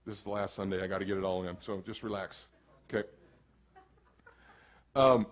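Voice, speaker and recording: A man preaching a sermon as pastor in a casual, animated way, slipping into quick acted asides. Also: a little high.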